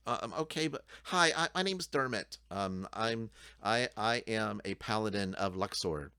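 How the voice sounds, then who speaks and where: A man's voice: on the low side, expressive, moderate pace, pushed and bright, clean tone, dry recording, clean studio sound. A man voicing a small, timid male goblin who stammers and frets. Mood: nervous. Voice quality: stammering, anxious.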